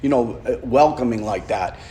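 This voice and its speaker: Man, middle-aged, police officer, personal testimony, halting, heartfelt, stammering restarts. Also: medium pitch, mellow. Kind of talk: personal testimony to a men's retreat.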